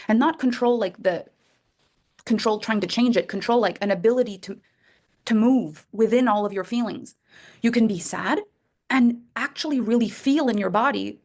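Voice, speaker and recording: A woman coaching members of her program on a group call, talking in a lively, playful way and acting out little scenes. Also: on the high side. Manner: lively, playful, acts out voices. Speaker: coach leading a women's program.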